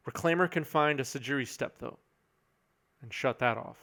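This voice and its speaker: A man calls a card game match as it happens. His voice sits at an ordinary middle pitch, and his delivery is chatty and easygoing, with frequent chuckles as he reads out viewer messages. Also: normal speed, creaky, fairly bright tone. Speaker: match commentator. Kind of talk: live card game commentary.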